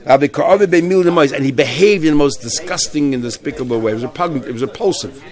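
Male Talmud teacher, slightly higher pitch, animated storyteller with frequent restarts. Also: fast. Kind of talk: Talmud class retelling stories.

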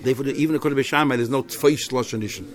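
A man's voice: mid-range voice, rapid-fire. A man teaching a Talmud text, thinking aloud and repeating phrases as he explains.

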